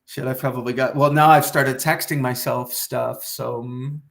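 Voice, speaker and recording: A comedian guest talks loosely and rambles, often starting over and dropping the odd curse. His voice sits at an ordinary middle pitch for a man. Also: fairly even intonation, normal speed, gravelly, a bit bright. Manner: rambling, with many restarts and swearing. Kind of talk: casual podcast chat.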